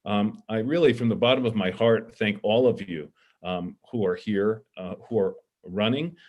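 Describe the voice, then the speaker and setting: A middle-aged man moderating a candidate forum over a video call, earnest and heartfelt, pausing often with ums. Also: lowish voice, darkish tone, lo-fi sound.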